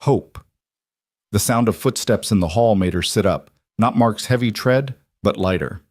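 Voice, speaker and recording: A man reading a scripted story in a measured, gentle way. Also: fairly low pitch, no echo, clean studio sound. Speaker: narrator. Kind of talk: scripted narration.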